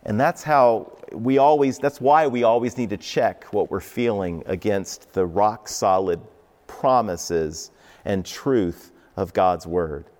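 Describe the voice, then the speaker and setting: A man in his fifties, a pastor giving an online devotional sermon in a church sanctuary, telling stories in an animated way. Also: lowish voice, slow. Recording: reverberant sanctuary.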